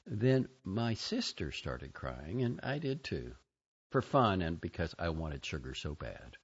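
A man reading a first-person story aloud, expressive and shifting between quiet and louder lines. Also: low-pitched, a little slow, breathy edge, dull audio. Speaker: audiobook narrator. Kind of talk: scripted first-person narration.

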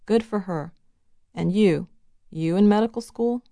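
A woman reading the lines of a gruff, blunt older father who barks out sardonic remarks. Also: medium pitch, a little slow, warm tone, dry recording, pitched above the performer's own voice. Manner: barking, sardonic.

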